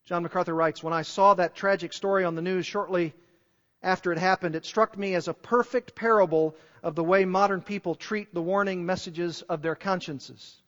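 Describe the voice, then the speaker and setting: A high-pitched male preacher delivers an earnest sermon, returning again and again to pointed rhetorical questions. His voice carries long reverb from a large church sanctuary. The recording itself sounds dull and muffled. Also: steady tone, normal speed, a bit bright.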